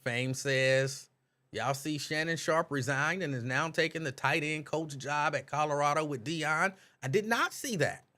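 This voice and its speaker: A man hosting a live talk stream, reading viewers' comments aloud and riffing on them in an animated, direct way. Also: a little high, a little slow. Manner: animated, talks straight to chat viewers. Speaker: talk show host reading live chat.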